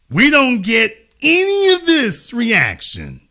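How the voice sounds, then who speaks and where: A middle-aged man delivers a live-streamed commentary monologue in a high, bright voice. His pitch swings widely as he hammers points home with preacher-like repetition and the odd curse word. The delivery is emphatic and driving. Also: animated, unhurried. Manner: swears for emphasis. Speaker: host.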